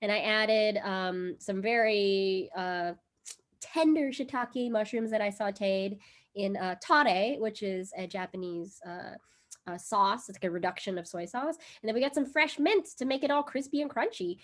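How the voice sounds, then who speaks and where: A woman's voice: medium pitch, normal speed. Chatty woman hosting a live stream. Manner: chatty and giggly, frequent fillers. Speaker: livestream cooking host. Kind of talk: casual live-stream chat. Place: home in Brooklyn.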